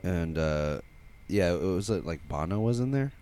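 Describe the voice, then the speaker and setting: A man with a fairly low voice chats casually on a podcast. His delivery is laid-back and easygoing. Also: animated, moderate pace, mellow, a little hiss or hum. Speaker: podcast co-host. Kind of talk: casual chat.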